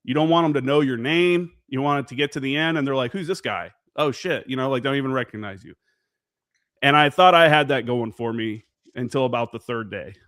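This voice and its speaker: Man, forties, podcast guest, casual and cussing, mid-pitched voice, dead dry room. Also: a little fast, no echo. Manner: profane, animated, acts out remembered dialogue. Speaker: podcast guest, Marine veteran. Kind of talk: casual storytelling interview.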